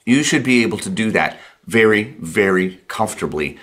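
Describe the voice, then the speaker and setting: A man teaching a blues guitar lesson, speaking in a relaxed, reassuring way, repeating points for emphasis and counting beats out loud while he plays. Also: fairly low pitch, normal speed. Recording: guitar playing behind the voice.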